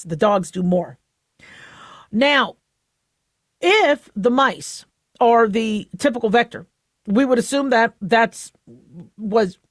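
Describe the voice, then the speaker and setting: A woman's voice: fairly high pitch, no room sound, clean studio sound. A woman hosting a talk radio show, explaining medical news in a chatty way with many fillers and restarts.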